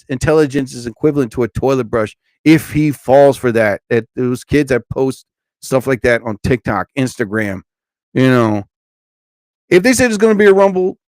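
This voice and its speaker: A man's voice: on the high side, dry recording. A man in his forties hosting a live stream, ranting in a blunt, emphatic way and stopping to greet viewers in the chat.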